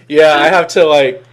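A man from Virginia hosting a podcast, telling stories in a casual chat and laughing often. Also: a little high. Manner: animated storytelling, laughs often. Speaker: podcast host.

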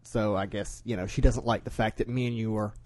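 A man's voice: fairly low pitch, fairly even intonation, a little mellow, no echo. A man with a Southern US accent, co-hosting a casual chat show and trading jokes. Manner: joking, teasing, quick banter. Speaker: podcast co-host.

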